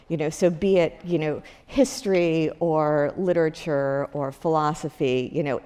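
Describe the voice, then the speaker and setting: Low-voiced woman giving a casual lecture. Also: mellow. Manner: conversational, many fillers and self-corrections, occasional laughs. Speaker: university lecturer. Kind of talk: university lecture. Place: lecture hall.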